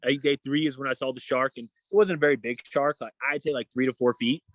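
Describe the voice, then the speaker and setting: A young adult man, an endurance athlete appearing as a guest in a casual interview, tells a story fast in a mid-range voice. He's animated, acting out the voices and quoted dialogue of the people involved, and the recording is dry.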